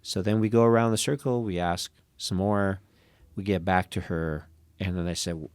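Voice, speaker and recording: A man who is a podcast guest and comedic performer, telling an anecdote in an animated way, often restarting phrases and laughing as he goes. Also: sits low, moderate pace, dry recording.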